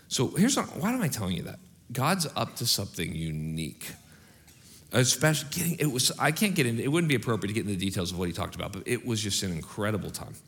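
A middle-aged male pastor preaching and giving church announcements, animated, swinging from loud rallying calls to quiet asides. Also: fairly low pitch, quick pace. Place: large church auditorium. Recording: hall reverb in a large auditorium.

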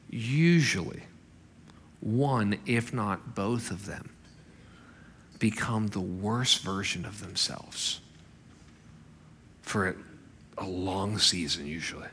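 A man preaching a sermon as a pastor, animated and emphatic, acting out the quotes he tells. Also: lowish voice, vocal fry, a little hiss or hum. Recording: long hall reverb.

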